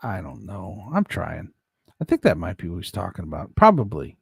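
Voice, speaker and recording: A man's voice: sits low, huge pitch swings, normal speed, vocal fry, slightly rough, dry recording. A man hosting a casual live stream, rambling and chuckling as he talks to his chat by name.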